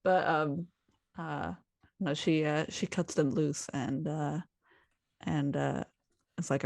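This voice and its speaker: Halting, low-voiced woman playing a character. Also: fairly even intonation, vocal fry, darkish tone, dry recording, clean studio sound. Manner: hesitant, halting, with many restarts. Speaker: player. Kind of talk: playing a tabletop role-playing game.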